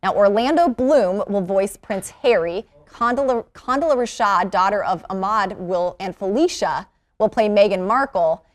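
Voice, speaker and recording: A woman's voice: mid-range voice, normal speed. A woman co-hosting a morning TV show, reading entertainment news and chatting with wry asides. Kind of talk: news segments and studio chat. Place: TV studio.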